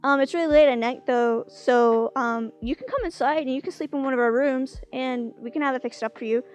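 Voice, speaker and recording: A woman's voice: sits high, a little fast, close to an everyday voice. A woman voicing an easygoing friendly monk. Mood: reassuring. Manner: easygoing, reassuring. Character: friendly helpful male monk.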